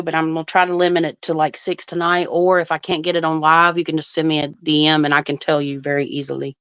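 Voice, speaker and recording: A woman's voice: lowish voice, smooth, no echo, lo-fi sound. A woman hosting an astrology livestream, chatting casually and thinking aloud while she answers viewer comments.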